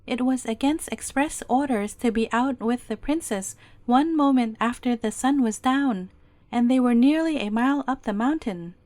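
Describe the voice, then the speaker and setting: A woman with a high voice reads a fairy tale aloud at bedtime, gentle and steady. The sound is dry and close, with no room around it. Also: moderate pace, no echo. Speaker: storyteller. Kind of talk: bedtime story narration.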